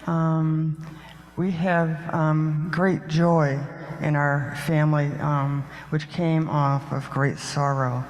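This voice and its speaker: An older congregant speaking to a church about family joy and loss, hesitant and full of pauses. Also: mid-range voice, flat delivery, muffled recording. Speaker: congregant lighting candles. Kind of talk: spontaneous personal remarks. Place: church sanctuary. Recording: long reverb of a church hall.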